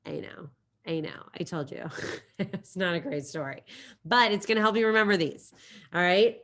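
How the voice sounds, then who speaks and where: A woman's voice: mid-range voice, moderate pace, fairly bright tone. A woman teacher talking her class through a recorded lesson in a chatty way, telling a silly memory story and repeating key phrases.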